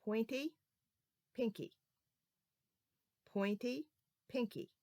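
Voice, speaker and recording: A woman teaching a children's Sunday school lesson, talking slowly and playfully, coaxing the kids to repeat after her. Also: fairly high pitch, warm tone, dry recording, studio quality.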